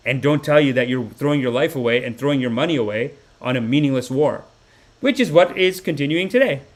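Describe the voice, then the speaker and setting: This podcast host, a Canadian in his thirties, runs a live-stream of satirical commentary. He's profane and lively, lurching from shouted bursts to muttered asides, all in a mid-range voice.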